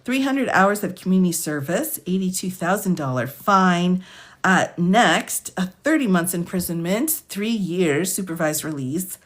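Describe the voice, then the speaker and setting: A woman attorney hosting a casual livestream, reading out charges and sentences quickly, chatting with viewers by name and laughing often. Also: on the low side, lively intonation. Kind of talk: casual livestream commentary reading case lists.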